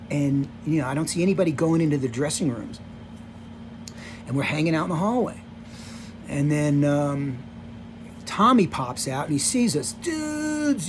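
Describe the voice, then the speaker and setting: A man in his sixties, a vlogger, casually tells stories on camera about his rock-tour past. His voice sits fairly high and he rambles, filling his talk with "you know" and "like." There's some background noise.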